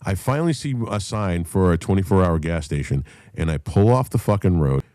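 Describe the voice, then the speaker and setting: A man telling a wild story in casual podcast chat, profane and animated, acting out what others said. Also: sits low, brisk, no room sound. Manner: profane, animated storyteller who shouts when quoting others. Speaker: podcast host.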